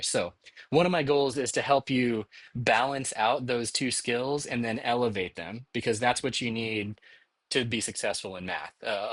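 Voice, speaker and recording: A middle-aged male math instructor talks through his course slides in a relaxed, encouraging manner, pausing now and then to ask "okay?". His voice sits at an ordinary pitch, and the recording is close and dry, with no room sound. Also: no echo. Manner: encouraging, conversational, frequent "okay?" check-ins. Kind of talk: recorded lecture narration over slides.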